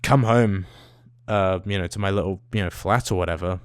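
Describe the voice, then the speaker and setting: A man's voice: deep voice, normal speed, smooth, no echo, studio quality. A young man, ranting into the camera, swearing often and trailing off into tangents. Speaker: vlogger. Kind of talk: profane rambling rant.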